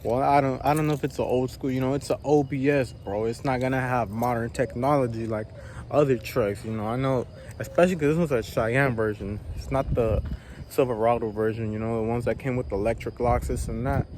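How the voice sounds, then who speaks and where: A young man vlogging outdoors, ranting casually in an animated, slangy way. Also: medium pitch, brisk, a little hiss or hum. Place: outdoors by his truck.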